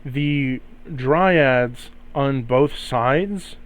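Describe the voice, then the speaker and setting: A man's voice: mid-range voice, drawn-out words. A young man running a tabletop game as game master, hesitant and self-deprecating, laughing often.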